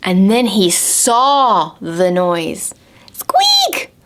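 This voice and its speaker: A woman's voice: medium pitch, lively intonation, unhurried. A young woman who is a children's librarian, reading a picture book aloud at a preschool storytime and asking the children encouraging questions.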